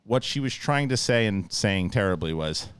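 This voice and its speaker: A man's voice: lowish voice, moderate pace, smooth. A man hosting a podcast in casual chat, telling stories animatedly and swearing casually. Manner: animated storytelling, quotes people in put-on voices. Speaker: podcast host.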